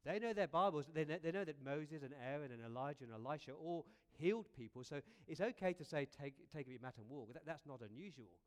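Male preacher, slightly high voice, animated storyteller, chatty, rhetorical questions. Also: a little fast, few pauses. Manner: lively, conversational, repeats words, rhetorical questions. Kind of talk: storytelling sermon.

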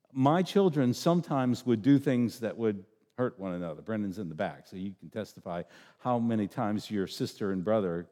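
A man's voice: medium pitch, mellow, big-room sound. A middle-aged man preaching a sermon as pastor, in a conversational, joking way, acting out voices.

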